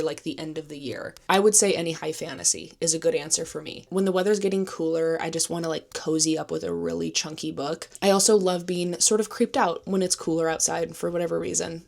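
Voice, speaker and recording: A woman's voice: on the low side, vocal fry. A young woman hosting a book vlog, chatting casually to camera, gushing about her reading and laughing often. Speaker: book vlogger.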